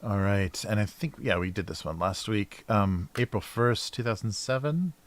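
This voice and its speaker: Low-pitched male cartoonist, casual livestream chatter while drawing, mumbly, trails off. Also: normal speed. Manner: mumbling to himself, trailing off, soft laughs.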